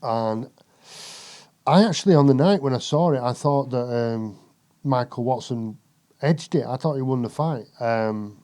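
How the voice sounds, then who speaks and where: A British man, a podcast guest, telling boxing stories in a profane, animated casual chat. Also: medium pitch, unhurried. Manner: profane, animated, lots of swearing.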